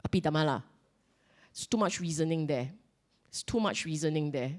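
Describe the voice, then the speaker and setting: A woman's voice: low-pitched, animated, moderate pace, a little mellow. A middle-aged woman with a Singaporean accent giving a Buddhist Dhamma talk to a congregation, emphatic and repeating her key points while she asks the listeners questions.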